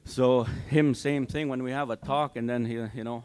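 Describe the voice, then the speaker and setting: An older man gives his personal testimony at a church service, telling it in a halting, heartfelt way with many fillers and restarts. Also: medium pitch, fairly even intonation, darkish tone, clear, resonant tone. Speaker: church member giving testimony. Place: community hall church service.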